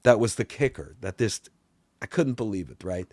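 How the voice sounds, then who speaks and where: A man's voice: fairly low pitch, animated, normal speed, dry recording, clean studio sound. A man playing a boastful vampire talk-show host, telling a rambling, exasperated story and swearing along the way. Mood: ranting. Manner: rambling and exasperated, swears, voice often climbs and grows loud. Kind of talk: comedic rant.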